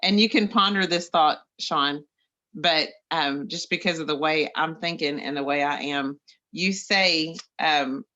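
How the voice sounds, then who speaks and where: A woman's voice: low voice, bright, forceful tone. A woman on a group call, chatting playfully, laughing and asking questions with many fillers. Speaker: caller. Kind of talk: casual group call talk. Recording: dull lo-fi call audio.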